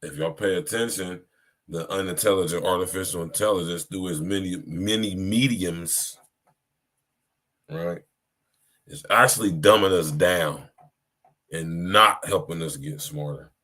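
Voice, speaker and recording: Deep-voiced man preaching on a podcast. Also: measured pace, pushed and bright. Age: 30s. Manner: preachy, repeats "you hear me" and "man". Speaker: podcast host. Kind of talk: casual live-stream monologue.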